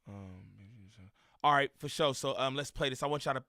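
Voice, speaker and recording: Bright, forceful streamer man, dry sound. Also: mid-range voice, normal speed, no echo. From Inland Empire, Southern California. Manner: slangy, loose street talk, frequent laughs. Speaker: livestreamer reacting to a video. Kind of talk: live-stream reaction and chat shout-outs.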